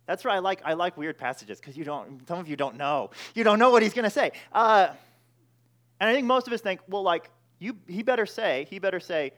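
Man, preacher, sermon, slightly high voice, casual teaching, many restarts. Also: lively intonation, a little fast. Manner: prays softly, then teaches in a casual, joking way with many restarts.

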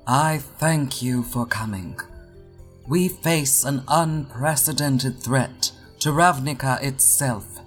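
An ancient sphinx presides over a council in a slow, formal cadence, as a man voices it. Soft music sits beneath the measured speech. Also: medium pitch, natural voice.

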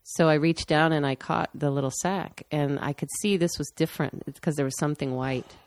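A woman's voice: low-pitched, fairly even intonation, brisk, no room sound. A woman telling a personal story candidly and matter-of-factly in casual conversation. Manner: candid, matter-of-fact, with restarts.

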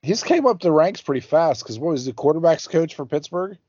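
A man's voice: a little high, lively intonation, fairly quick, a little mellow, breathy edge, no room sound. A man co-hosting a podcast, chatting casually about sports with wry, offhand remarks. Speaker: podcast co-host. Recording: dull lo-fi podcast audio, dry.

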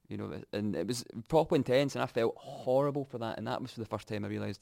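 A young Scottish man telling his own story candidly, reflective and halting, often restarting his sentences. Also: fairly low pitch, creaky, a little mellow, no room sound, studio quality.

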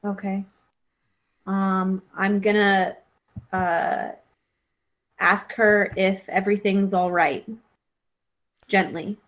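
A woman takes part in a tabletop game, speaking for her character. She talks very slowly and gently. She often pauses on fillers before going on. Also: mid-range voice, flat delivery, rough recording. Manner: slow, hesitant, gentle, full of pauses and fillers. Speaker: player.

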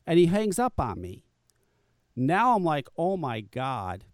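A man's voice: on the high side, very animated, a little slow, clean tone, no room sound. A man telling a personal story in casual talk, blunt and profane, acting out the people he quotes and stumbling into repeated restarts. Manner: frequent restarts and stammered repeats. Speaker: podcast guest telling his story.

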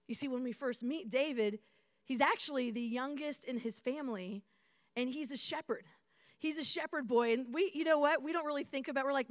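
High-voiced woman preaching a lively sermon. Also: brisk, no echo, clean studio sound. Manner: conversational and animated, with call-and-response to the room. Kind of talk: sermon to young adults.

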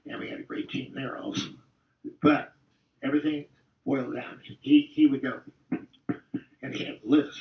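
Gravelly older man telling old stories. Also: medium pitch, steady tone, normal speed, pauses often. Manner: rambling, salty, chuckling storyteller. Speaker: former football player recalling the past. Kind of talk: casual storytelling interview. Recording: distant, roomy, dull-sounding recording.

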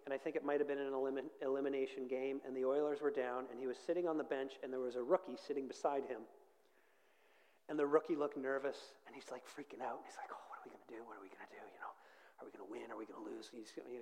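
A middle-aged man preaching a sermon as pastor, swinging from hushed, slow phrases to loud, fervent climaxes. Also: mid-range voice. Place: large church hall. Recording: long hall reverb.

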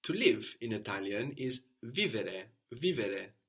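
A man's voice: on the low side, big pitch swings, a little slow, a bit bright. Male tutor, patient and encouraging, guides a learner through drills. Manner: patient, encouraging, spells words out. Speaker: language teacher. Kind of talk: guided language lesson.

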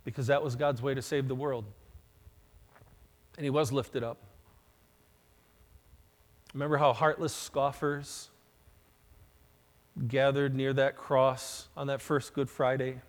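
A male pastor preaching a sermon, slow and emphatic, with dramatic rises in loudness. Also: medium pitch, flat delivery. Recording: long hall reverb.

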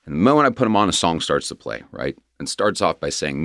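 With a low, gravelly, sing-song voice that's a bit bright, a middle-aged man earnestly relates his recovery story in a candid, rambling way. He's emotional, with restarts and quick laughs, and there's no echo on the recording.

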